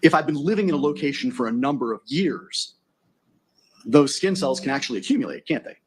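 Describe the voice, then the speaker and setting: In a courtroom, a defense attorney cross-examines a witness, pressing methodically and ending his points with leading tag questions. His husky, slightly breathy voice is mid-range, expressive and brisk.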